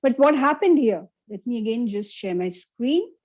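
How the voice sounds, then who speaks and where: A woman's voice: on the high side, animated, moderate pace, darkish tone, lo-fi sound. A woman presenting an interactive online lecture over a video call, often checking in with her audience. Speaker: workshop presenter.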